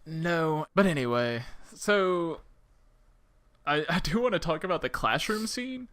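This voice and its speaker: A man with a fairly high, bright voice co-hosts a film review podcast. He is blunt and dismissive in casual chat and often breaks into laughter mid-sentence. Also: animated, a little slow. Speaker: podcast co-host.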